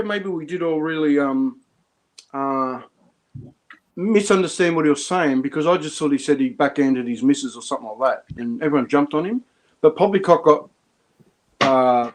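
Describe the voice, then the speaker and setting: Man, casual live-stream chat, rambling, chuckling, fairly high voice. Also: darkish tone. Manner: rambling, chuckling, many restarts.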